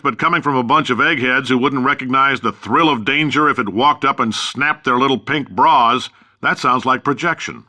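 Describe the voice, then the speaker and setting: Cave Johnson, brash company boss. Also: male voice, a little high, pushed and bright, full character voice. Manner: brash, boastful, sarcastic salesman's patter. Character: brash loud middle-aged male company boss. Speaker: company founder and CEO. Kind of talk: video game voice acting.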